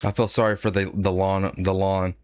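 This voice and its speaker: A man's voice: low voice, little pitch movement, normal speed, smooth, dry recording, clean studio sound. A man giving blunt, sarcastic live-stream commentary, reading out donations and laughing at his own jokes. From United States.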